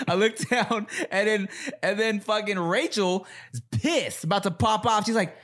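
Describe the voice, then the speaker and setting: A man co-hosting a casual podcast, telling a story with lively acted-out quotes and frequent laughter. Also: high-pitched, moderate pace. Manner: animated storyteller, acts out quotes, laughs often. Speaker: podcast co-host. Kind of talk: casual chat.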